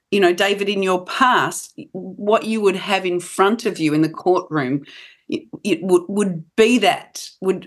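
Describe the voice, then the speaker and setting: A woman with a somewhat low voice speaks in a casual panel discussion. She works through her ideas as she goes, stopping and restarting her sentences often. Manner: thoughtful, many restarts. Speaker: panel guest.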